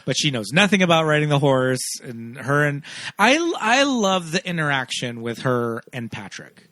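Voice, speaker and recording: A man co-hosting a casual movie podcast, animated and laughing often as he acts out scenes. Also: fairly high pitch, moderate pace, no room sound, clean studio sound. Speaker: podcast co-host. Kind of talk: casual chat.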